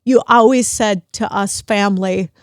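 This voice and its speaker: A middle-aged woman hosting a podcast, talking warmly and emotionally to her father, grateful and close to tears. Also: medium pitch, fairly even intonation, a little slow, no echo. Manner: emotional, grateful, at times tearful. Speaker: podcast host. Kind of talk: heartfelt family conversation.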